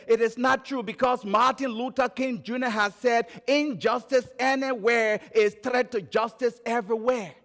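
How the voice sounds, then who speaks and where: A man from Liberia with a Liberian accent, preaching a sermon and telling stories, moving between emphatic raised phrases and quiet low ones. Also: steady tone, moderate pace, hardly any pauses, faint music behind. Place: church sanctuary. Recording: church sanctuary with long reverb.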